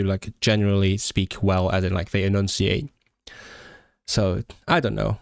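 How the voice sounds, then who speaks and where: A man's voice: lowish voice, no room sound. A young man from Hong Kong chatting on a livestream as a language-learning streamer, reading viewer questions aloud, laughing often and restarting words, into a big microphone close to his face. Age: young adult. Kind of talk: casual livestream Q&A. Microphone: large microphone close to the face.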